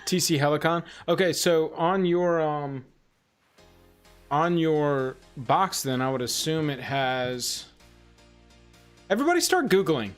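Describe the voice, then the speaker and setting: A man's voice: fairly high pitch, lively intonation, takes it slowly, long pauses, clean tone, faint music behind. A man co-hosting a casual livestream, talking someone through an audio setup and hyping up the show with joking, announcer-style flourishes. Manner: playful, joking, announcer-like hype. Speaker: livestream co-host.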